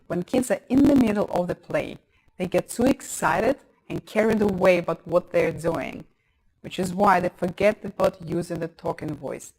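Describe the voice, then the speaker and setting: A woman narrates a parenting course in a calm, explanatory way, and her voice sits in an ordinary middle range. She leans on key points for emphasis. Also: medium pitch, rough recording. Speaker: parenting instructor.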